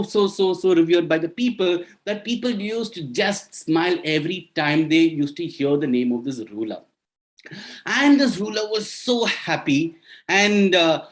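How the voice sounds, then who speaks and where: Storyteller on a zoom call, playful, repeats words a lot, talks right to you. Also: medium pitch. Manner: playful, repetitive, speaks straight to listeners. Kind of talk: storytelling to an online audience. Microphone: video call.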